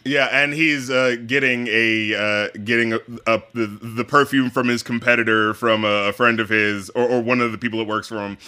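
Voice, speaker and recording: A man in casual conversation, rambling with many fillers and acting out scenes in quick impressions. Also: medium pitch, fairly even intonation, bright, forceful tone, clear, resonant tone. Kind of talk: casual movie discussion.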